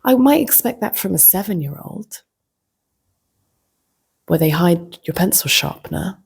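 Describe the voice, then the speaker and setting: A woman vlogger telling a personal story in a reflective, casual way, slipping into soft whispers. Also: fairly low pitch, expressive, a little slow, vocal fry, slightly rough.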